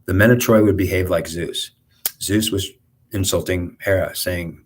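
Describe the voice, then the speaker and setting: Low, husky man rambling on camera. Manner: halting, with restarts and repeats. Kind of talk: rambling spiritual monologue.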